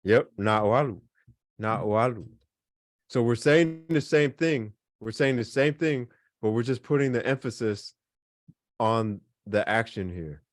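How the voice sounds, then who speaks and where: A man's voice: medium pitch, a little slow, dry recording. Casual male language teacher, dry sound. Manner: casual, repetitive, explains with examples and fillers. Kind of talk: online class lesson.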